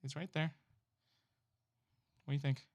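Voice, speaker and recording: A man's voice: on the high side, level tone, measured pace, creaky, a little mellow. A man, a reptile breeder, casually talking to his snake in a chatty, playful, apologetic way. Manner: chatty, apologetic, playful baby talk to the animal.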